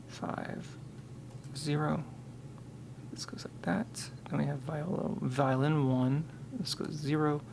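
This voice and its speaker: A man's voice: a little high, creaky, noisy background. A man on a live stream, thinking aloud and muttering to himself, counting and correcting himself as he works.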